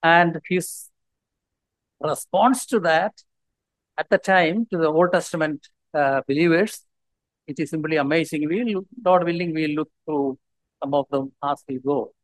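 Halting preacher with a higher voice. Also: male voice, dry recording, rough recording. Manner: halting, frequent restarts, slow deliberate scripture reading. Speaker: visiting preacher. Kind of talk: sermon.

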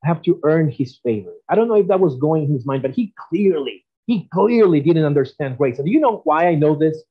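A man preaching a sermon, emphatic and animated, often asking his listeners questions. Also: on the high side, brisk, husky, muffled recording.

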